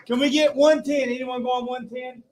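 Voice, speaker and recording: High-voiced man auctioning in an echoey crowd. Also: little pitch movement, normal speed, very noisy. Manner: playful, prodding bidders. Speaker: fundraiser auctioneer. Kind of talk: rally fundraising auction. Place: brewery rally.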